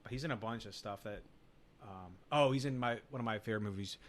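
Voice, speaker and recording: A man's voice: fairly low pitch, fast talker. A young man co-hosting a podcast, talking loosely about a movie in a rambling, slangy way, with lots of "like" and "dude". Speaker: podcast co-host. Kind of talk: casual chat about a movie.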